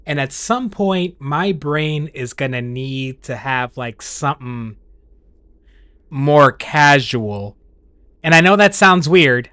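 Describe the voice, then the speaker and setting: Chatty man with a higher voice. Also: fairly bright tone, dry recording. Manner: rambling, chatty, with frequent restarts and laughs. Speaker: streamer. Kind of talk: casual chat with stream viewers.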